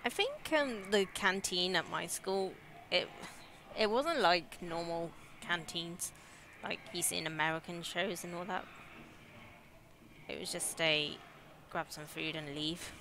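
A woman's voice: on the low side, unhurried, bright, forceful tone, slight background noise. A young woman with an English Midlands accent chatting casually and giggling as she streams a game. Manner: chatty, giggly, reacts aloud to scares. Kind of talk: casual live gameplay commentary.

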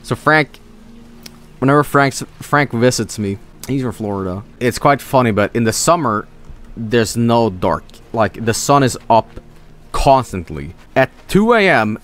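A man from Sweden, casually commentating a video game, joking, swearing and putting on silly voices. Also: mid-range voice. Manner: jokey, profane, animated, puts on silly voices. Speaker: streamer.

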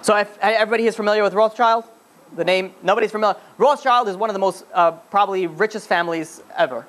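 A man's voice: sits high, fast talker, a bit bright. A man, a rabbi, telling a story in a lecture, with many restarts and fillers.

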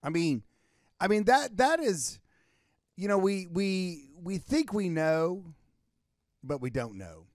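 Male co-host with a lively, up-and-down voice; joking sidekick, dry sound. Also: high-pitched, no echo. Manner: joking interjections, quick quips. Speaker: podcast co-host. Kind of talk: casual chat.

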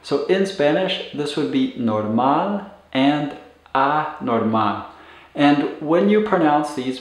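A man explains vocabulary in a calm, slow teaching manner, pausing to repeat words for pronunciation. His voice sits at a middle pitch. The recording carries a noticeable roomy echo. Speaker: medical Spanish teacher. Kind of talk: instructional explanation.

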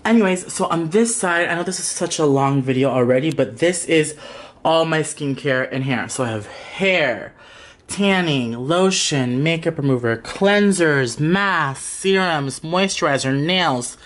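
A man's voice: on the high side, lively intonation, measured pace, fairly bright tone. Chatty, gushing young man. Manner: gushing, chatty, peppered with "like" and "y'all". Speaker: beauty vlogger. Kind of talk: casual room tour chat. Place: indoors at home, in a small room.

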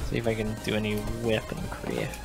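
Deadpan man chatting over a game. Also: on the low side, fairly quick, vocal fry, music in the background. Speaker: gamer. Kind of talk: casual chat while gaming.

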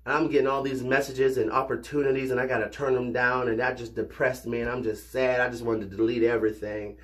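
Playful, slightly hoarse man vlogging. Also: medium pitch, fast talker. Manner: animated, playful, colloquial, talks to viewers as cousins. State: slightly hoarse, recovering from illness. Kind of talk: casual direct-to-camera chat.

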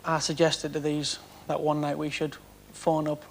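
Young lad, sheepish confessing contestant, slightly high voice. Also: male voice, monotone, moderate pace, vocal fry, a little hiss or hum. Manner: sheepish, understated. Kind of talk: confessional storytelling. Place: TV studio with audience.

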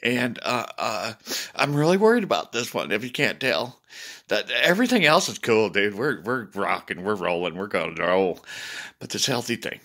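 A man talking casually to viewers, rambling with many restarts and swinging between worried and loud. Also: fairly low pitch, sing-song, moderate pace. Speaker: video blogger.

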